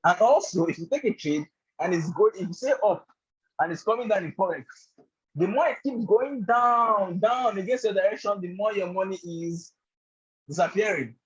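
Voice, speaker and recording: A trading instructor with a high, husky voice speaks a little fast over lo-fi audio during a live bootcamp on a group call. He keeps asking his listeners "do you understand?" and "right?", and "actually" and "all of that" come up again and again.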